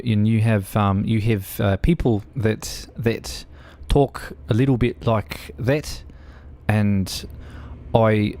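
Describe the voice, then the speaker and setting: A man chatting casually on a gaming stream, his voice on the low side. He talks slowly and rambles, stopping and restarting his sentences. The tone is relaxed and unhurried. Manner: rambling, hesitant, many fillers and restarts.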